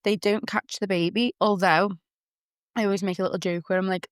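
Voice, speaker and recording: Chatty Liverpool woman, smooth and dry. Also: medium pitch, fairly quick, no echo. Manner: chatty, candid, quotes people in lively voices. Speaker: podcast host, doula. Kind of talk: casual chat.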